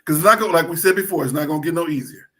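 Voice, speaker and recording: A man's voice: fairly high pitch, racing, bright, forceful tone. A man co-hosting a sports talk show, chatting casually, repeating phrases and plugging other shows.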